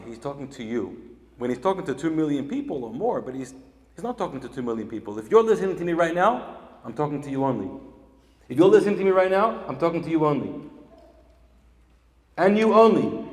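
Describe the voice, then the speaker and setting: Israeli man, fairly high voice, commencement speaker, emphatic and questioning, echoey hall with long reverb. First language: Hebrew. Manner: emphatic, asks the audience questions. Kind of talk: graduation speech to an audience. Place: large event hall.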